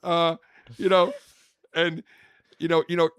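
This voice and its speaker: A man co-hosting a podcast, telling a long comic story in a casual, animated way and acting out voices. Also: a little high, a little slow, clean tone, no room sound, clean studio sound. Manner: animated, acts out quotes loudly. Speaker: podcast co-host, comedian.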